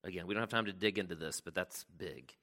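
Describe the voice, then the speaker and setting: Bright-toned lowish male preacher. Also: fast. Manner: conversational, keeps asking "right?"; reads scripture aloud with more emphasis. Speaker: pastor. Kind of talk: sermon.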